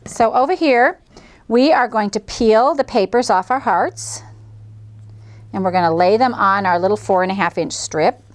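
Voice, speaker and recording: In a friendly quilting demonstration, a middle-aged woman talks at a moderate pace in a mid-range voice, chatting cheerfully and folksily as she works through each step.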